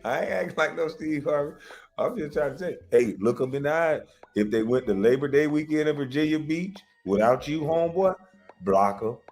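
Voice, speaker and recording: A man's voice: on the high side, lively intonation, a little fast, soft background music. A man telling wild stories in a casual chat, laughing often and swearing freely. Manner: loud, laughing, swearing storyteller. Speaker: show host.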